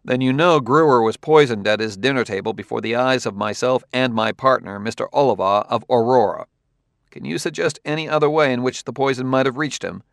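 In a clean, dry studio recording, a man voices an audiobook character: a sharp, insistent adult male Earthman detective who is pressing and methodical. His lightly acted delivery is brisk and medium-pitched, with vocal fry and an insistent mood.

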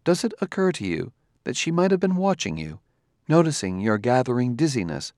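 An actor playing a calm, precise male humanoid robot detective who speaks in a measured, formal way. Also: medium pitch, no echo, clean studio sound, lightly acted. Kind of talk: audiobook character reading.

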